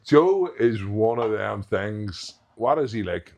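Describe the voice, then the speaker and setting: A man's voice: fairly low pitch, animated, slow pace, gravelly, a little mellow. A man, a professional strongman guest on a podcast, talking frankly and matter-of-factly and laughing easily. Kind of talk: casual chat.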